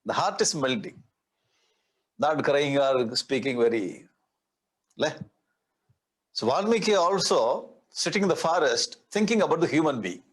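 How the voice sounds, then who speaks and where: Man, Indian English accent, swami leading a scripture class. Slightly raised pitch, a husky edge. Repeats key words and slips into chanted Sanskrit. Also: expressive, measured pace, long pauses, low-quality recording. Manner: recites Sanskrit verses; teasing, playful asides. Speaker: swami giving a scripture discourse. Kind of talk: spiritual discourse.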